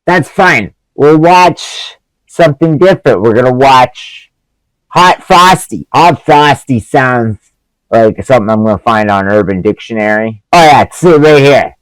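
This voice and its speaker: A man's voice: mid-range voice, expressive, unhurried, no room sound, rough recording. A man reviewing movies in a profane, sarcastic comedic rant. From Canada.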